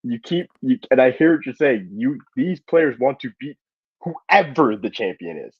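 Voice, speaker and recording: A man debating football on a panel, talking fast, cutting in and acting out what players say. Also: medium pitch, lively intonation, slightly rough. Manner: fast, interrupting, acts out quotes. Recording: dull dry remote call audio.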